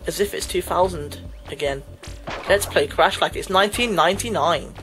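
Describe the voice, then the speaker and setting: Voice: medium pitch, normal speed, low-quality recording. A let's play commentator chatting casually over gameplay, breaking into frustrated outbursts and laughing at himself. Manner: self-mocking, laughs at himself. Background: game music.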